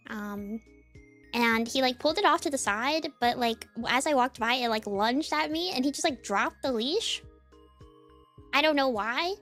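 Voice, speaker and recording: Young streamer girl, pretty high voice, rambly with tons of "like"s, faint music behind. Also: moderate pace. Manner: rambling, many "like" fillers, lively swings. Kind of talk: casual chat with chat readers.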